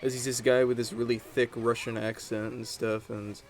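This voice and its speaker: A man's voice: mid-range voice, little pitch movement, moderate pace. A man giving casual gameplay commentary, rambling and chatty as he tells stories while he plays. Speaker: gaming channel host.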